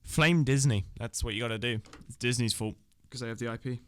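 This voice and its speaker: A young man co-hosting a gaming radio chat, chatty and quick to laugh. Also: medium pitch, fairly bright tone. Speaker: radio show co-host. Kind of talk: casual chat on student radio.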